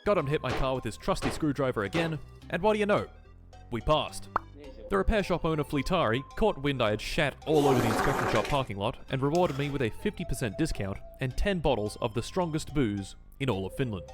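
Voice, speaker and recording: A man giving deadpan comedic gameplay narration with sudden loud outbursts. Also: mid-range voice, a little fast. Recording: voice over background music.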